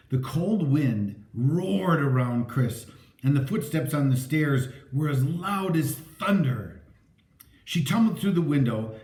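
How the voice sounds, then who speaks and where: A man narrating a story aloud with a dramatic, lively reading. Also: medium pitch. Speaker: audiobook narrator. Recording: echoey room.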